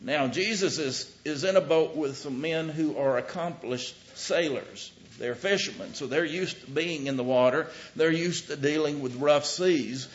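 A man preaching a sermon, telling the story with sudden swings between loud and hushed. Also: a little high, unhurried, few pauses. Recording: dull lo-fi recording.

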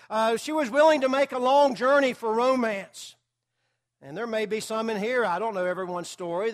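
High-voiced male preacher, conversational. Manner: conversational, storytelling with filler words. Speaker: pastor. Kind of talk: sermon.

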